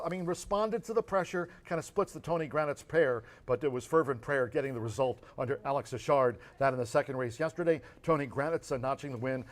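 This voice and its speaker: A man co-hosting a track's horse racing show, racing through results and promotions at a quick clip. He rambles a little and leans on fillers, keeping the tone of an easy casual chat. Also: on the high side. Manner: fast, rambling, with many fillers.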